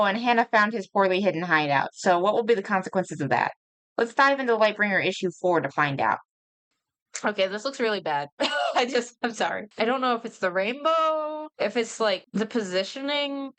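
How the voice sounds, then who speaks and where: A woman's voice: medium pitch, a bit bright, low-quality recording. A young woman giving casual, sarcastic commentary, often exasperated and ranting as she reviews. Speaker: VTuber comic reviewer.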